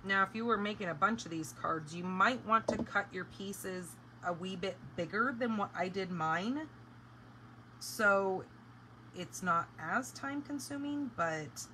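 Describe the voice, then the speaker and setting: A woman's voice: mid-range voice, bright, forceful tone, a little hiss or hum, rough recording. A woman hosting a live craft tutorial, chatting casually and explaining each step as she works. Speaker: craft demonstrator.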